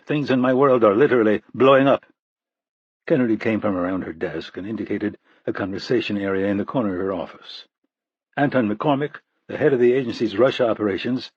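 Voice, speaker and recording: A man narrates a thriller in a husky, breathy voice with a steady, even delivery. The recording is dry and close, with a dull, muffled tone. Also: fairly low pitch, dry recording. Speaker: audiobook narrator.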